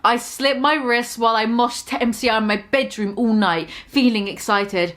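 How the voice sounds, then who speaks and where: A woman giving a mock-dramatic reading, deadpan, with occasional laughs. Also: on the high side. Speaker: dramatic reader.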